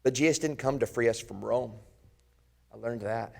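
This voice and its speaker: A man's voice: mid-range voice, normal speed, creaky, darkish tone, lightly acted. A pastor playing the disciple Thomas, an earnest grown man, in a first-person dramatic sermon monologue, speaking with passion and turning to the listeners with searching questions. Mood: reflective.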